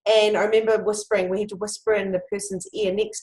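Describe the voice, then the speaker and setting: A woman host talks openly and confidingly in a casual interview, telling personal stories at an ordinary middle pitch. Her voice carries a noticeable room echo, as if she is recording in a bare, reflective space. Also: flat delivery, quick pace, hardly any pauses, a little mellow. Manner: open, confiding, storytelling. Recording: echoey room.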